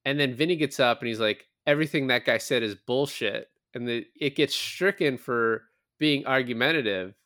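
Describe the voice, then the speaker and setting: A man's voice: medium pitch, moderate pace, bright, forceful tone, no room sound, clean studio sound. A man co-hosting a podcast, casually retelling movie scenes and explaining legal details, swearing now and then. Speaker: podcast co-host, lawyer.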